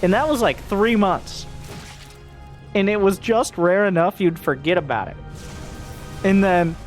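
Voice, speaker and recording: A man casting a strategy game match, joking around and getting loud and excited at big plays. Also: high-pitched, measured pace, faint music behind. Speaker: esports caster. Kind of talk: game commentary.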